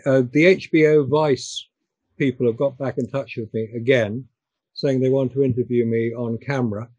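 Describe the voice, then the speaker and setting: An older man chatting on a discussion call, pausing and repeating words as he talks. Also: medium pitch, fairly even intonation, a little mellow, no echo, highs cut off. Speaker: guest. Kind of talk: casual chat.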